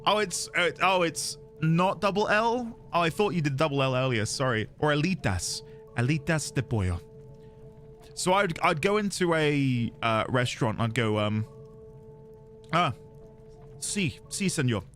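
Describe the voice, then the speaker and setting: A man's voice: on the high side, expressive, normal speed, fairly bright tone, soft background music. Playful man streaming a game. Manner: playful, goofy, chatting with viewers. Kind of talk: casual game-stream chat.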